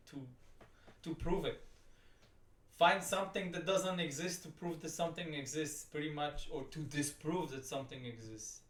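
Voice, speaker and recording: A man's voice: on the high side, a bit bright. A man giving profane, exasperated, rambling commentary while reacting to a video. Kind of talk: ranting commentary. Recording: roomy sound, distant from the mic.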